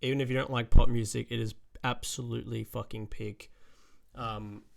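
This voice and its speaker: An Australian man hosting a music reaction, talking loosely with a gravelly, fry-edged voice. He rambles and swears freely, filling gaps with "like" and "um". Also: medium pitch, flat delivery, normal speed. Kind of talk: casual reaction commentary.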